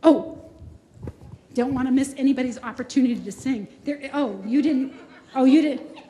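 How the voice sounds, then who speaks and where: A middle-aged woman giving a conference presentation as a health speaker, telling stories with animated, self-mocking humor. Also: high voice, normal speed. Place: conference hall.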